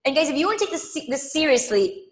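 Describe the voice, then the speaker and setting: A woman's voice: high-pitched, very animated, quick pace, roomy sound. A woman leading a live money coaching session, emphatic, repeating phrases and calling viewers by name. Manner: addresses viewers directly by name.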